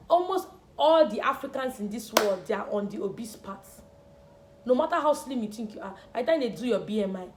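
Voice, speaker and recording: A young woman speaks earnestly to camera, pressing her points and repeating words for emphasis. Her voice sits high. The room around her rings with echo. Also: darkish tone. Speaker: vlogger. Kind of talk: personal talk to camera. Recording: echoey room.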